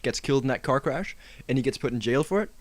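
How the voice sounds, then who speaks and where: A man's voice: mid-range voice, lively intonation, quick pace, a little hiss or hum. A man co-hosting a podcast, eagerly and ramblingly recounting what he has watched. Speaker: podcast co-host. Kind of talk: casual chat.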